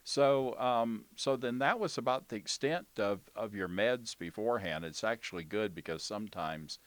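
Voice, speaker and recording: A man's voice: fairly low pitch, normal speed, no room sound. A man interviewing a patient, asking questions and encouraging her answers. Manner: encouraging, with frequent backchannels. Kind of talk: casual interview.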